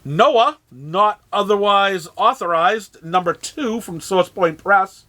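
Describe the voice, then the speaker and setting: Man, high pitch, casual weekly comic rundown, dry sarcastic asides, halting restarts. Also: bright, forceful tone. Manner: dry, sarcastic asides between listed titles. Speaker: comic shop presenter of weekly new releases. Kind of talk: casual rundown of new releases.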